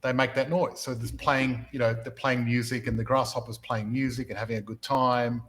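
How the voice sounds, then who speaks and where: A man with a mid-range voice speaks at a moderate pace on a low-quality recording. He's a podcast host and property mentor running a motivational show, telling stories energetically and often restarting sentences by repeating words.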